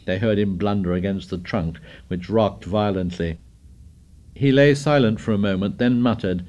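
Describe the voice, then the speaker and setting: A man narrating a novel for an audiobook, measured and deliberate. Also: low-pitched, a little mellow, highs cut off.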